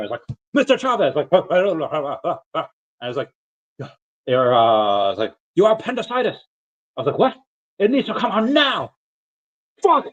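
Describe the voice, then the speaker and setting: Casual male streamer, thirties, rambling storyteller who acts out voices, mid-pitched, slightly muffled sound. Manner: rambling, animated anecdotes, acts out quotes, frequent fillers.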